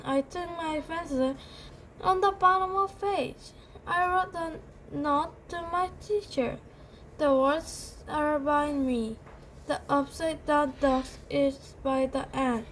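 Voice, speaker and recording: A woman reading a children's storybook aloud in a plain, unhurried way. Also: high-pitched, a little hiss or hum. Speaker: reader.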